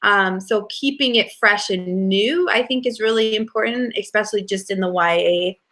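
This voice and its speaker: A woman's voice: mid-range voice, normal speed, fairly bright tone. A woman co-host reflecting thoughtfully in a casual chat. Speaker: podcast co-host, author.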